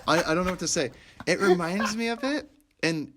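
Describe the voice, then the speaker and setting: A young man co-hosting a podcast, chatting casually and excitedly about movies, rambling and laughing often. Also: high-pitched, fairly quick, a loud crowd. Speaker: podcast co-host.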